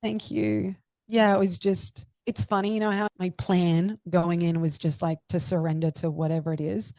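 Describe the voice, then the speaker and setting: A woman's voice: lowish voice, fairly even intonation, normal speed, mellow, no echo. A young woman telling a personal story as a podcast guest, emotional and effusive, with lots of "like" and "you know.". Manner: emotional, effusive, many fillers.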